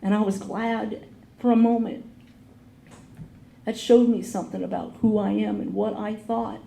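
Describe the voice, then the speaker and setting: A woman's voice: medium pitch, steady tone, a little slow, vocal fry, warm tone. A woman sharing her recovery story at a meeting, telling it earnestly and acting out the people she quotes. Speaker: AA speaker. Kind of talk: recovery talk, personal story. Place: meeting hall. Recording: echoey room with faint noise.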